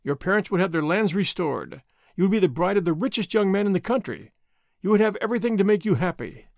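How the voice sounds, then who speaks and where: A man's voice: sits high, expressive, quick pace, vocal fry, no echo, studio quality. A man reading an audiobook, voicing a bold, dashing masked outlaw who mocks his foes. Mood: earnest. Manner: defiant, taunting, dramatic. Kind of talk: audiobook character voice.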